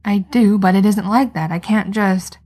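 A woman's voice: mid-range voice, fairly even intonation, moderate pace, mellow, breathy edge. A woman reading a flustered, sheepish young man's lines in a fan fiction story. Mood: defensive. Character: sheepish young adult man, flustered and self-deprecating. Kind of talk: fan fiction read aloud.

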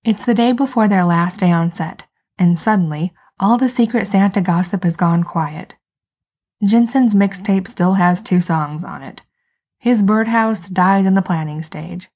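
A woman's voice: lowish voice, measured pace, a little mellow. A woman narrating fan fiction aloud in a wry, conversational way.

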